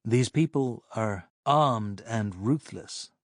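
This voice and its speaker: A man voicing a steady policeman who speaks in a measured, slightly pompous way. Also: fairly low pitch, no room sound, clean studio sound. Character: calm steady country policeman.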